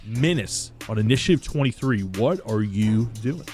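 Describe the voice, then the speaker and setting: A man narrating a tabletop game as game master, describing scenes in a slow, drawn-out way. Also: lowish voice, lively intonation, darkish tone. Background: background music.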